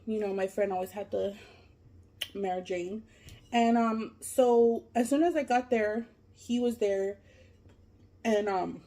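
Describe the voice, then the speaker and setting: A woman vlogger telling a long story while she eats, casual and animated, full of fillers and swearing. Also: mid-range voice, creaky. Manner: animated, profane, lots of fillers. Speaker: mukbang vlogger.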